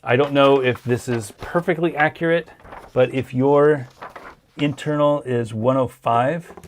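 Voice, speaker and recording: A man's voice: mid-range voice, darkish tone. A man hosting a casual livestream, answering viewer questions in an easygoing, hesitant way, tired and losing his voice. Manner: easygoing, hesitant with many ums.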